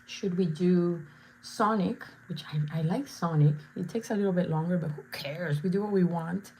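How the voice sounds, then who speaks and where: A woman's voice: lowish voice, moderate pace, mellow, slight background noise. A woman in her thirties, a face painter chatting casually and playfully with viewers during a live stream while she paints. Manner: bubbly, chatty, playful asides.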